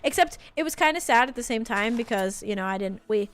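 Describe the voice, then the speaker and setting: A young woman from Australia with a softened Australian accent, chatting casually with her live stream viewers, rambling and full of "like" fillers. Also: on the high side, expressive, a little fast, clear, resonant tone, faint music behind. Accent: Australian, softened toward American.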